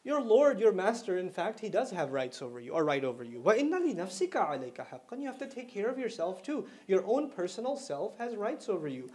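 A man giving an Islamic lecture to students, telling stories in a conversational way and reciting Arabic phrases quickly. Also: sits high, sing-song, a little mellow, breathy edge.

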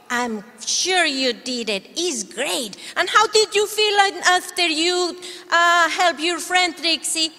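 A woman leading a kids' church lesson, talking gently and encouragingly to children. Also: extremely high pitch, in a large hall.

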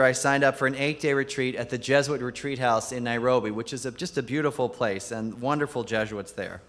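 A Jesuit priest gives a keynote in a large conference hall, his medium-pitched male voice fairly bright. His talk is full of funny anecdotes, and he drops his voice to deliver quoted punchlines. Long hall reverb colors the recording.

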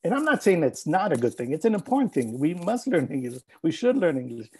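Husky-voiced man telling a heartfelt story. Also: on the high side, big pitch swings, a little fast, low-quality recording. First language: Spanish. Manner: reflective, heartfelt, mixing in Spanish phrases. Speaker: scholar and speaker. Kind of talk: personal storytelling talk.

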